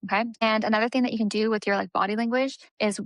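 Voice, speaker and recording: A young woman who coaches aesthetics businesses talks fast in a steady, mid-range voice, recorded with no echo. Her casual teaching talk is chatty and packed with "like," and she acts out what clients might say.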